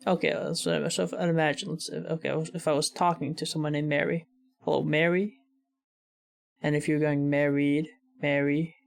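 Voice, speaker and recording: American man, casual reaction host, gravelly vocal fry yet clean resonant tone, muses aloud. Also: fairly high pitch, level tone, brisk, hardly any pauses. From United States. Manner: thinks aloud, tries out words hesitantly.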